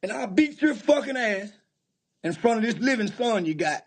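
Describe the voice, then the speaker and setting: A man's voice: high-pitched, lively intonation, moderate pace. A man giving an angry, profane rant of commentary, taunting and insulting his target.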